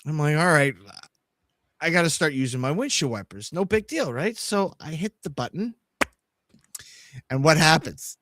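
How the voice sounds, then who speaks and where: A middle-aged man tells a road-trip story on a live podcast, swearing freely and acting out what happened with sound effects. His voice sits a little high and swings widely in pitch. The sound is close and dry. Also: moderate pace, pauses often, no room sound. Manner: animated, swearing, sound effects while telling stories. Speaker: podcast co-host.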